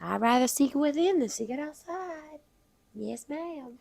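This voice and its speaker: A woman's voice: high-pitched, lively intonation, a little slow, vocal fry, a little mellow. Sassy woman in a put-on Southern accent. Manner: sassy, blunt, swears freely. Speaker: podcast co-host. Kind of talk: casual chat.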